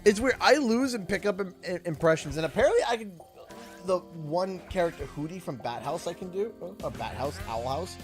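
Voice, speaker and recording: A man's voice: high-pitched, lively intonation, a little fast, soft background music. Canadian guy chatting on stream. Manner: rambling, stumbling over his words. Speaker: streamer and host. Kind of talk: casual live-stream chat.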